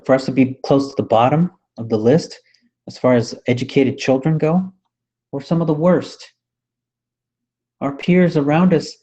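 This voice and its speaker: A male talk radio host delivering a scornful, ranting monologue. His voice is mellow and dark. The audio is a bit dull and muffled. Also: medium pitch.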